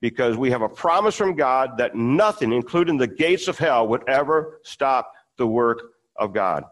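A man's voice: mid-range voice, lively intonation, normal speed, rough recording. A man preaching as a pastor, reading scripture passages and explaining them in a conversational way, with frequent restarts. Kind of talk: sermon.

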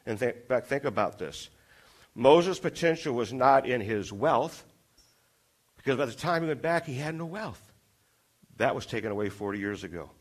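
A man preaching a sermon, retelling a story with lively acted-out dialogue and climbing intensity. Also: mid-range voice, moderate pace, pauses often. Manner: animated storytelling, acting out dialogue with rising intensity.

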